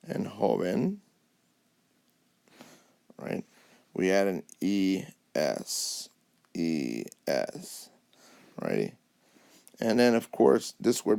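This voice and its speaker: A man with a fairly low voice and a gravelly edge of vocal fry explains Spanish adjectives over a whiteboard app. He talks patiently and keeps checking in with his students. He sounds like a teacher narrating a tablet lesson. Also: a little mellow. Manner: patient, repeats "okay?" and "alrighty?" to check understanding. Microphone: tablet mic over whiteboard app.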